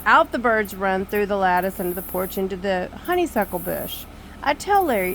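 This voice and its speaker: An older woman telling a story to camera on her screened back porch, animated, exasperated and poking fun at herself. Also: mid-range voice, normal speed, a little hiss or hum, poor audio. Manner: animated, exasperated, self-mocking. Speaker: vlogger.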